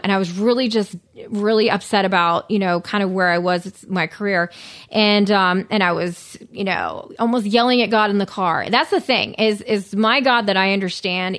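A woman talks in an earnest, rambling way, full of fillers and restarts. It is relaxed, casual conversation rather than a prepared speech. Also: mid-range voice. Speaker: guest sharing recovery story. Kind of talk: casual chat.

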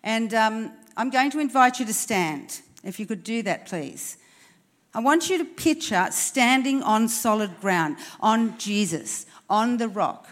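A woman's voice: fairly high pitch, lively intonation, unhurried. A woman preaches to a church congregation in an earnest, encouraging tone. She leans on rhetorical questions and direct appeals to her listeners. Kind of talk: sermon. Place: church service.

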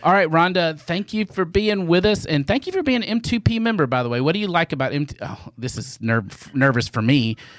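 A man's voice: a little high, lively intonation, brisk, few pauses, no echo, clean studio sound. A man hosting a podcast, chatting upbeat and laughing often. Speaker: podcast host. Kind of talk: casual podcast chat.

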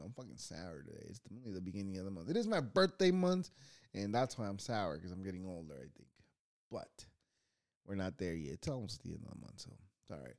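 Channel host, male, rambling profane monologue, lively sing-song delivery. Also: on the low side. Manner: profane, rambling, animated swings in loudness. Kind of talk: casual ranting monologue.

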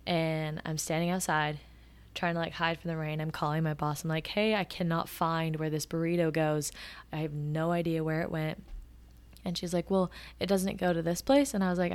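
A woman in her twenties hosting a podcast, telling stories in a casual, animated way and acting out the quotes. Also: low voice, brisk. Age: 20s. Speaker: podcast host. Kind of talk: casual storytelling.

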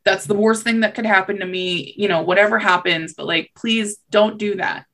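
A woman voicing a boastful, hot-tempered male trickster rabbit in a playful folktale retelling, her pitch raised, and huffy or pleading by turns. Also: fairly even intonation, normal speed, fairly bright tone, lightly acted.

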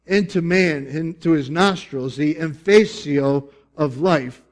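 A man preaching a sermon to his congregation, animated, with emphatic bursts and jokey asides. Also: high-pitched, normal speed, hardly any pauses. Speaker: pastor.

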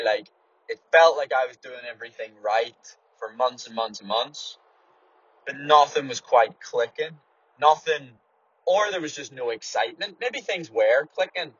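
Young guy from ireland rambling and cursing on his podcast, husky voice, kinda dull dry sound. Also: mid-range voice, very animated, normal speed, a bit bright, dry recording. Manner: rambling, swears a lot, restarts words. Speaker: runner and podcast host. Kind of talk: casual solo podcast monologue.

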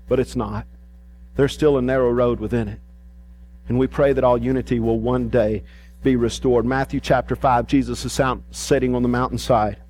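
A male pastor preaching an animated sermon, swinging between emphatic rises and soft low asides.

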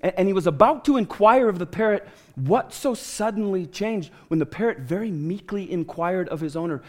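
A man's voice: high-pitched, expressive, moderate pace. A man preaching a sermon as a pastor in a church, telling stories and asking the congregation for a show of hands.

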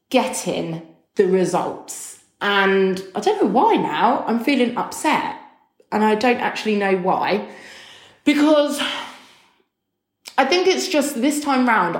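A woman's voice: medium pitch, roomy sound. A woman hosting a podcast, talking frankly and emotionally in a chatty way. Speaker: podcast host. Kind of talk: candid solo podcast talk.

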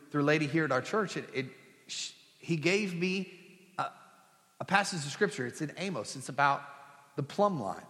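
Joking pastor in a reverberant church hall. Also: male voice, fairly bright tone. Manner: chatty, jokey, with put-on high squeals for quoted women. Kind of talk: humorous sermon storytelling. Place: church sanctuary.

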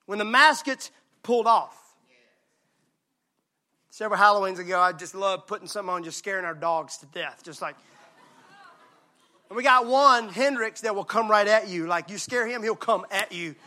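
A male pastor from Mississippi, preaching a lively, joking, conversational sermon. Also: sits high, moderate pace, long pauses. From Mississippi, USA.

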